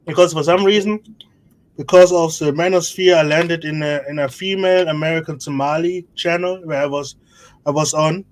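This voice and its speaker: A man's voice: a little high, steady tone, normal speed. A man talking as a guest on a livestream, blunt and rambling, swearing freely. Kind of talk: casual livestream chat.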